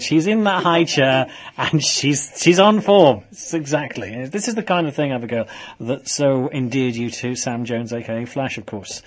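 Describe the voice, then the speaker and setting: A man presenting a radio show, chatting and teasing his guests in playful studio banter. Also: medium pitch.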